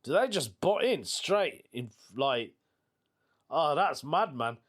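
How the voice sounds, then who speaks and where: A man's voice: fairly high pitch, very animated, slow, fairly bright tone. A British man hosting a casual solo podcast, chatty and jokey, laughing often. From United Kingdom. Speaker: podcast host.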